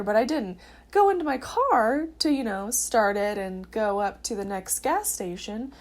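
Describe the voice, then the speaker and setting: A woman's voice: medium pitch, animated, unhurried. A woman in her early twenties telling her personal story in a casual, earnest way, with frequent filler words. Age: early 20s. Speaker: vlogger sharing her testimony.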